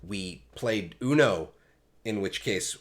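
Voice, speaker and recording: A man's voice: lowish voice, animated, takes it slowly. A man from Pennsylvania hosting a casual gaming podcast, rambling and poking fun at himself as he hands the talk around. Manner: rambling, self-mocking and jokey. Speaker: podcast host.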